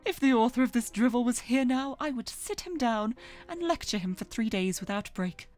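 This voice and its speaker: A woman's voice: fairly high pitch, big pitch swings, normal speed, soft background music. A woman voicing a haughty, prickly young male pigeon aristocrat in a visual novel read-aloud, speaking in an imperious, scornful way. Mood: indignant.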